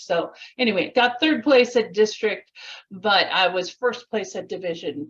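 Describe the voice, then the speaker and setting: A woman's voice: medium pitch, normal speed, a bit bright. Speaking coach, woman, upbeat and chatty on a slightly muffled video call. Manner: upbeat, chatty, invites participation. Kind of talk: online workshop teaching.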